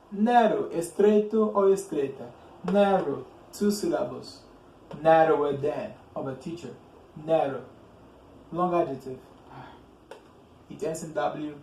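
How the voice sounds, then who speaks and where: Slow, repetitive male English teacher, echoey room. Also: fairly high pitch, warm tone, slight background noise. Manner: speaks slowly, repeats words, checks in with "okay?". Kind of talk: slow, deliberate grammar lesson. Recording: roomy echo with faint ambience.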